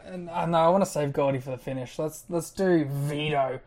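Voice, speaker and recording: A man's voice: on the high side, fairly quick, darkish tone. A man co-hosting a casual podcast, joking and laughing often. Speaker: podcast co-host. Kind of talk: casual chat.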